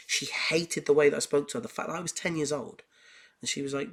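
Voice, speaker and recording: A man's voice: a little high, quick pace, a bit bright, husky. A young man hosting a podcast, talking in a casual monologue and telling personal stories emphatically, with a lot of repetition. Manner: emphatic, heated storytelling with repetition. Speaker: podcast host. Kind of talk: casual monologue on self-improvement.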